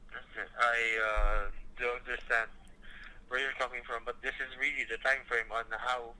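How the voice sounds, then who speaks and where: A male customer service agent on a phone call, polite and measured, sticking to procedure. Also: mid-range voice, little pitch movement, bright, forceful tone. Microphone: phone line.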